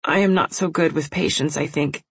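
A woman's voice: low-pitched, fairly even intonation, normal speed, breathy edge, no room sound, full character voice. A woman reading an audiobook voices a frightened young girl who begs and trembles. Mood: sleepy. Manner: begging, trembling.

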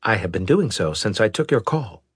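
A man voicing a polite male alien AI that speaks in a formal, measured, robotic way. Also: fairly low pitch, sing-song, husky, dry recording, clean studio sound, heavily acted.

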